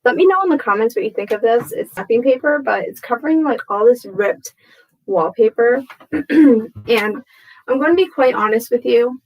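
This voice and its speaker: A woman's voice: on the high side, lively intonation, moderate pace, rough recording. A woman in her thirties chatting casually to camera from home, rambling and self-deprecating, tired and frazzled, laughing often. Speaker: vlogger. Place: home room with torn wallpaper.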